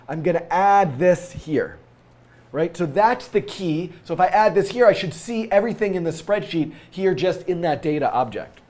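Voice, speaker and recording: A man's voice: a little high, lively intonation, moderate pace, a little mellow. A man with a scratchy voice from a cold, hosting a live-coding tutorial and thinking aloud with frequent fillers.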